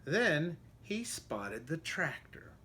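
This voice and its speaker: Expressive man reading a picture book aloud. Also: fairly high pitch, takes it slowly, slight background noise. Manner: expressive, stops to ask listeners questions. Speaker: storybook reader. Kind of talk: children's storybook read-aloud.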